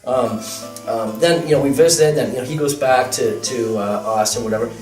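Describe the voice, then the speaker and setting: Male guest recounting an anecdote in a lively way, room-miked from a distance with faint music. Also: mid-range voice, fairly quick. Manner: animated, laughing, quotes voices. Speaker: guest telling his story. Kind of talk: casual storytelling. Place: temple hall. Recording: roomy sound from a distance, music.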